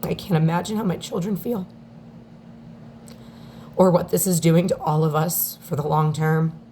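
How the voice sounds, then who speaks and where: A woman speaking in an emotional personal video statement, on the verge of tears, with halting, heartfelt delivery and long pauses. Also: lowish voice, steady tone, dark tone, slight background noise. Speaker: mother speaking out in a daily video diary.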